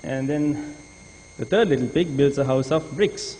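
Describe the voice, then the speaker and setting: A man's voice: mid-range voice, unhurried, dark tone. A man from the audience retelling a story on the spot, hesitant and full of fillers. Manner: hesitant, many fillers and restarts. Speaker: audience volunteer. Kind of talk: impromptu storytelling. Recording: reverberant hall, faint noise.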